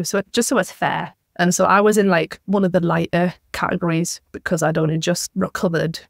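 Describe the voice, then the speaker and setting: A woman's voice: lowish voice, no room sound, studio quality. A young woman, a podcast guest, chatting casually and acting out what people said to her. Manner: chatty storyteller, acts out quoted exchanges.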